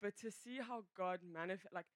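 A church member shares her personal testimony at normal speed in an ordinary mid-range voice. She talks in loose, rambling runs, interrupting herself and using many fillers, and the recording is dry and close with almost no room echo.

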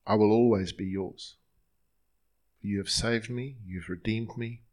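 A man's voice: fairly low pitch, steady tone, unhurried, a little mellow. A male pastor leading his congregation in an earnest, line-by-line prayer during a sermon in a church.

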